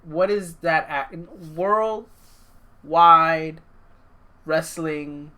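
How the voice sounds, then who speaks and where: A woman's voice: fairly low pitch, lively intonation, takes it slowly, bright, forceful tone. A woman streaming a wrestling video game, chatting casually and with amusement as she thinks aloud. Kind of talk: casual gameplay commentary.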